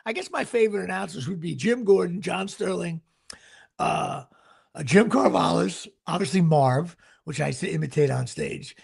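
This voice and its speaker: A man hosting a casual sports podcast, rambling excitedly and tripping over his words. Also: high voice, moderate pace, creaky, slightly rough. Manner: rambling, excitable, stumbles and restarts. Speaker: podcast host.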